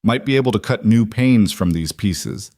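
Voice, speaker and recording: A man voicing a quiet, grave frontier man who speaks softly. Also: lowish voice, lively intonation, moderate pace, no room sound, clean studio sound. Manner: soft, grave.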